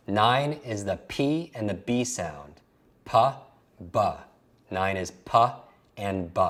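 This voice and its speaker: A man's voice: lowish voice, fairly bright tone. A man teaching a recorded memory lesson as a coach, drilling letter sounds aloud and asking the listener to say them along with him.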